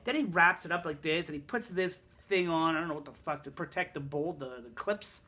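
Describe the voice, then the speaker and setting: A man's voice: on the high side, brisk, sharp tone. Rambling, foul-mouthed male vlogger. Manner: rambling, profane, sarcastic. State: in pain from a broken thumb. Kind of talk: casual vlog storytelling.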